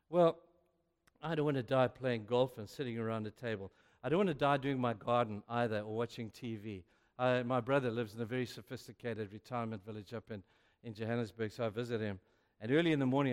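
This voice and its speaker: This older male preacher has a smooth, medium-pitched voice. He animatedly narrates stories within his sermon, performing the dialogue as his voice climbs with growing energy, all in a hall with long reverb.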